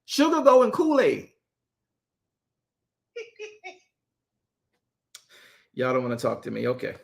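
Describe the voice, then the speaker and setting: Animated joking man teaching scripture. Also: on the high side, slow pace, gravelly. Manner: joking, animated, talks straight to the group; repeats himself and restarts phrases. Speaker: apostle teaching a Bible study. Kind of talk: casual Bible study teaching.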